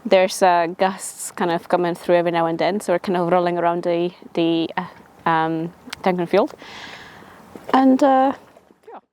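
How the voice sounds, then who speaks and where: A woman's voice: on the low side, flat delivery, moderate pace, darkish tone, clear, resonant tone. Hesitant woman on a sailing vlog. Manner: hesitant, with many fillers. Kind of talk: casual vlog chat. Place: aboard an anchored sailboat.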